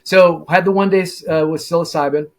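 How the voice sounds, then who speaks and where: A middle-aged man, a former deputy sheriff, telling his story in a casual interview, halting with many fillers and restarts. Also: fairly high pitch, steady tone.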